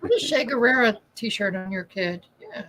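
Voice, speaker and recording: A woman co-hosting a casual chat podcast, emphatic and quick to agree. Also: on the high side, expressive, fairly bright tone, rough recording. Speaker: podcast co-host.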